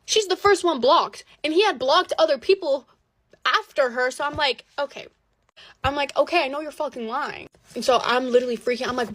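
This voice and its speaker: A teenage girl telling a dramatic personal story in a chatty, animated way, full of "like" fillers. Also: high-pitched, fairly quick, a little hiss or hum. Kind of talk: casual storytime.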